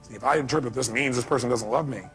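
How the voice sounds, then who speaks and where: A man's voice: mid-range voice, rapid-fire, music in the background. A man giving a motivational seminar talk, emphatic and firing rhetorical questions at his audience. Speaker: motivational speaker.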